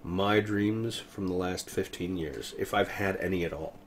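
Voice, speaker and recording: A man's voice: deep voice, measured pace, a little hiss or hum. A man hosting a casual podcast chat, prompting the others with short questions and dry quips. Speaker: podcast host.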